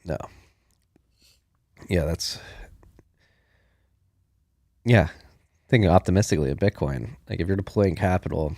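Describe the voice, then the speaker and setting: A man's voice: low voice, unhurried, gravelly, long pauses, a little mellow, dry recording. A man co-hosting a podcast, chatting casually about the news and thinking aloud with plenty of fillers. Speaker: podcast co-host.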